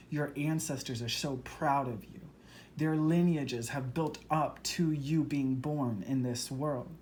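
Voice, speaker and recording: This is a tarot reader and medium talking straight to viewers, earnest and emotional, gushing over every card. The pitch sits in the middle range, and the delivery races forward in excited bursts. A faint background hum is present throughout. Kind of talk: spoken tarot reading to viewers.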